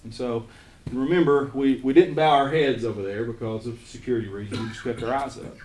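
A man's voice: medium pitch, fairly even intonation, fairly quick, a little mellow. Eastern Kentucky pastor telling his story. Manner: earnest storytelling with frequent restarts. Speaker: church missions pastor leading a workshop. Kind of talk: casual testimony to a small group. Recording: roomy echo, faint room noise.

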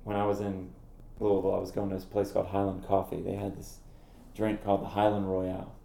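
A middle-aged man, a ministry founder and former campus minister, telling stories in an interview in an animated way, laughing at himself. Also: deep voice, fast, creaky, echoey room, a little hiss or hum. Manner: animated, acts out quoted voices, laughs at himself. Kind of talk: conversational interview storytelling.

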